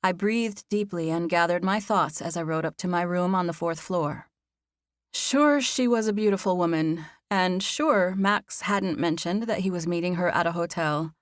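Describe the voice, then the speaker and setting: A woman narrating a romance novel in the first person, in an even, intimate storytelling manner. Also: lowish voice, moderate pace, no echo, clean studio sound. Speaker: audiobook narrator.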